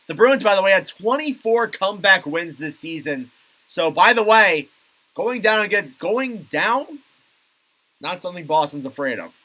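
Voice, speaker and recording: A young man doing amateur live hockey play-by-play. His voice sits high and sounds bright and forceful. He narrates each pass quickly and breaks into full-throated shouts when the big plays land. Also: expressive. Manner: rapid play-by-play that erupts into shouting on goals.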